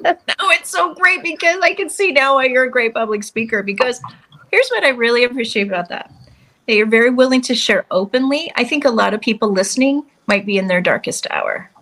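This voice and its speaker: A woman with a fairly high voice hosts a podcast interview. She answers her guest in an affirming, reflective way. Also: expressive, a little fast, pushed and bright. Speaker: podcast host. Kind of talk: casual interview chat.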